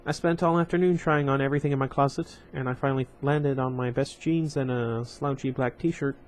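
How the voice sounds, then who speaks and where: A man's voice: medium pitch, steady tone, a little fast. Man reading a novel aloud, with chatty asides. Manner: reads the story plainly, breaking off for chatty asides to viewers. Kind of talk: casual story read-aloud with asides.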